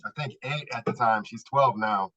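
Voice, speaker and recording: A man in his garage on a video call, telling a profane, animated story in a casual chat. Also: mid-range voice, moderate pace, no echo, highs cut off. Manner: animated, profane yarn-spinner. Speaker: meeting regular telling a story. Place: home garage.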